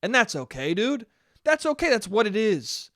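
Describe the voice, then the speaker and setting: Animated, profane young man ranting solo. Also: moderate pace, dry recording, clean studio sound. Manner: profane, animated, mimics relatives in shrill voices. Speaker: podcast host. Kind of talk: casual solo podcast rant.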